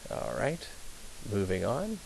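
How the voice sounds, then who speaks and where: A man's voice: lowish voice, big pitch swings, gravelly, a little mellow, slight background noise, low-quality recording. Patient man teaching pronunciation. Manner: patient, repeats words slowly, many ums. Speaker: Latin teacher. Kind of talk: classroom pronunciation lesson. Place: high school classroom.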